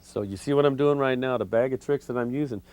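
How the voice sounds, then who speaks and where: A man giving a relaxed, conversational harmonica lesson, explaining technique step by step with frequent fillers. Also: medium pitch, fast talker, heavy background noise. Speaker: harmonica teacher. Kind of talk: instructional video lesson.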